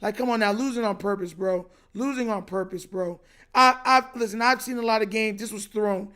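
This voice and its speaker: A man's voice: sits high, a little fast, bright, forceful tone, clear, resonant tone. A young man hosting a livestream, ranting in frustration about a football game, slangy and repetitive. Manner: frustrated, repetitive, slangy, says bro constantly. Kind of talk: casual livestream rant.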